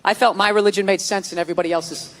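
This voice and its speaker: A man doing a stand-up comedy set, profane and animated, slipping into mocking voices. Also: high voice, rapid-fire, heavy background noise. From United States. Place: large hall before a live audience. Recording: live stage recording in a reverberant hall with crowd.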